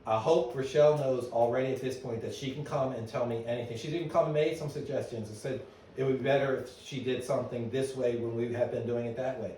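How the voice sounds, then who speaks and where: This fast-talking middle-aged business owner delivers a lively, story-driven conference talk, often turning to the audience to check in. His voice resounds through a very reverberant hall, captured from far off, and a faint hum lingers in the room.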